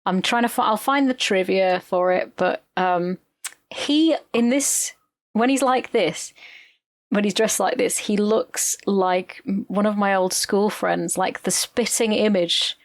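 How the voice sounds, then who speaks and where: A woman's voice: mid-range voice, measured pace. A woman co-hosting a podcast in casual chat, retelling scenes animatedly and swearing freely. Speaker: podcast co-host.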